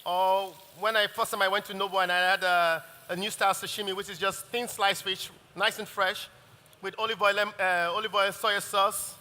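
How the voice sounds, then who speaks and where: Man chef, high voice, rambling demo patter, echoing hall. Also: flat delivery, moderate pace, pushed and bright. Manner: chatty and rambling, often restarts sentences. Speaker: chef teaching a cooking masterclass. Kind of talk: live cooking demonstration. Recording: long reverb of a large hall.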